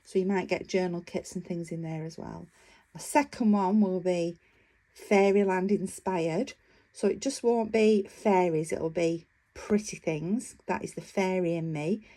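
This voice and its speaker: Showing off her craft work in casual chat, a woman vlogger speaks in a voice that's on the low side with a dark tone. She's enthusiastic and rambly, leaning often on fillers.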